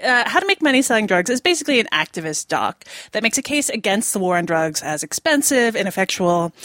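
A woman's voice: fairly low pitch, fairly bright tone, dry recording. A woman co-hosting a casual film podcast, dry and teasing, talking through films with some fillers. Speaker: podcast co-host.

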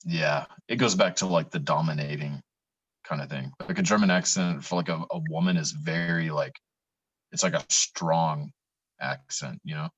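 A man's voice: very deep voice, normal speed, a bit bright, slightly rough, lo-fi sound. A man hosting a casual chat, hesitant and full of fillers as he asks questions. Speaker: host.

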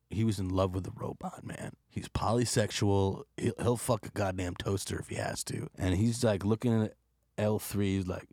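A man giving an animated, profane movie review, ranting with mock hostility and frequent laughter. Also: on the low side, moderate pace, dry recording, studio quality. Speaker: film reviewer.

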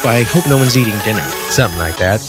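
A man's voice: fairly low pitch, animated, fast talker, loud music behind the voice. A man hosting a community radio show from the studio, reading the opening with jokey, mock-dramatic asides.

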